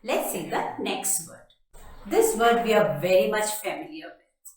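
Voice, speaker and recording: A woman's voice: medium pitch, animated, unhurried. A woman teaching English pronunciation, speaking emphatically, repeating each word and spelling it out letter by letter. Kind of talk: slow spoken pronunciation lesson. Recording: very echoey room.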